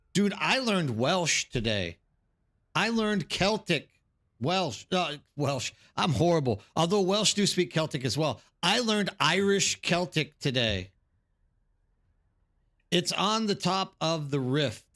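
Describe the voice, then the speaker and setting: A man's voice: fairly high pitch, fairly bright tone. A man streaming a game live, chatting casually and rambling to his viewers, calling them by name.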